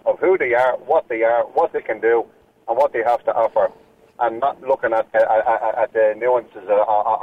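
A man with a Dublin Irish accent calling into a radio show, speaking earnestly and hesitantly, often repeating words. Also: on the low side. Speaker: radio caller. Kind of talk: phone-in call. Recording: tinny phone line.

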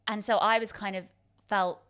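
A woman in her thirties telling a story in casual chat, self-deprecating and quick to laugh, with many restarts. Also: mid-range voice, steady tone, fairly bright tone. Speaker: guest.

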